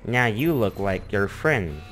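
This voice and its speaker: Excitable young man joking over gameplay. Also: on the low side, slow pace, background noise. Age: young adult. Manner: excitable, jokey, rambling with sudden outbursts. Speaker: gaming YouTuber. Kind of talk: casual gameplay commentary. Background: game music and sound effects.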